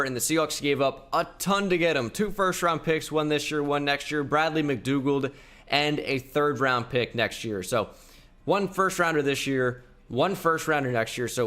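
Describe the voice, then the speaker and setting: A man's voice: on the high side, a bit bright. A young man giving casual, rambling commentary over his video game footage as a channel host. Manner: chatty, rambling, quick asides.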